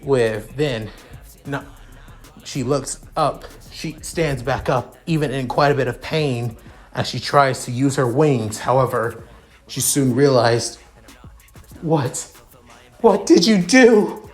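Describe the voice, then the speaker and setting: A man reading his fan fiction aloud in a halting, repetitive way with many restarts. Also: mid-range voice, fairly even intonation, faint music behind.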